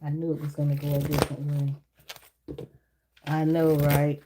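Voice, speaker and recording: Deep-voiced woman chatting on a livestream. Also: little pitch movement, moderate pace, heavy background noise. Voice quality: naturally deep voice. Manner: chatty, laughs often, addresses viewers as y'all. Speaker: livestream tarot reader. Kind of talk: casual live-stream chat.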